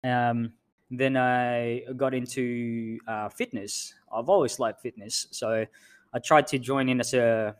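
A man's voice: mid-range voice, steady tone, takes it slowly, clean tone. Podcast co-host, man in his thirties from the Philippines, mid-range voice, loose, frank and foul-mouthed. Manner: frank and loose, swearing freely. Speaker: podcast co-host, Navy veteran. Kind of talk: casual chat.

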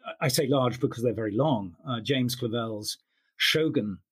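A man's voice: medium pitch, moderate pace, slightly rough. A man who works as an audiobook narrator, talking thoughtfully in an interview with frequent restarts. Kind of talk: interview conversation.

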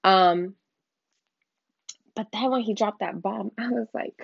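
Woman with a raspy fry voice, casual slangy faith testimony, kinda dull lo-fi sound. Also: mid-range voice, slow, long pauses, no echo. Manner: candid, emotional, informal slang. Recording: dull lo-fi dry recording.

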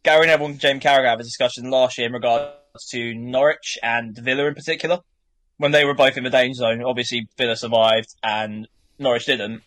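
A man's voice: mid-range voice, steady tone, fast talker, a bit bright, no room sound. A young man co-hosting a casual football chat, rambling and swearing freely. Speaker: podcast co-host.

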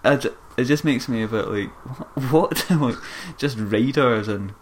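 A man co-hosting a casual chat, making quick wry quips and laughing often. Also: mid-range voice, a little hiss or hum. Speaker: podcast co-host.

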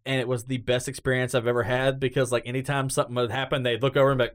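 A man's voice: medium pitch, fast talker, few pauses. A man hosting a casual chat, telling stories with lots of swearing and acted-out quotes. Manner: animated storyteller, swears freely, acts out quotes. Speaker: podcast host.

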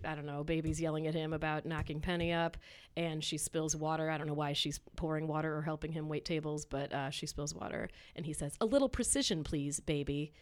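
A woman chatting casually on a podcast about a movie, animated and quoting lines. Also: low voice, clear, resonant tone. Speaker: podcast co-host. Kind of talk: casual chat.

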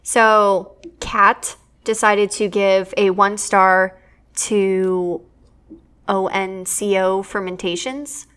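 A woman's voice: mid-range voice, level tone, extremely slow, a bit bright, clean tone. A young adult woman co-hosting a podcast, talking bluntly and sarcastically and laughing often. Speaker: podcast co-host. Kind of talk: casual banter.

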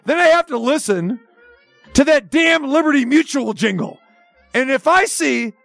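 A man's voice: very high-pitched, lively intonation, moderate pace, vocal fry, a bit bright, faint music behind. A man hosting a sports talk segment, ranting in an exasperated, sarcastic way. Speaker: sports radio host.

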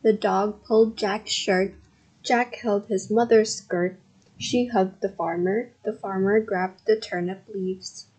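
A woman hosting a podcast reads a children's story aloud carefully, with loud animal noises and shouts for the characters. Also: mid-range voice, fairly even intonation, breathy edge, low-quality recording. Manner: slow, careful reading with bursts of loud sound effects. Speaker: podcast host and story reader.

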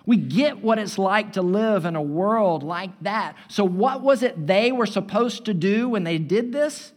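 A man preaching a sermon as pastor, building loud and emphatic and then dropping to a hushed tone. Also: high-pitched, animated, measured pace. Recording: long hall reverb.

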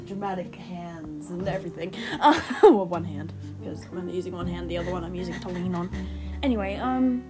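A young woman hosting an unscripted fan-theory podcast, excitable and rambling, who speeds up when excited. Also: lowish voice, normal speed. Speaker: podcast host. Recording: music playing behind the voice.

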